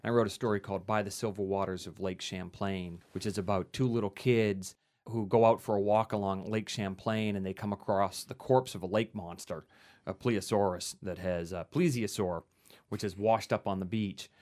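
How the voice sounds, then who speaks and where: Male author, lowish voice, earnest and articulate, interview guest. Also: fairly even intonation, moderate pace, darkish tone. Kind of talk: conversational interview.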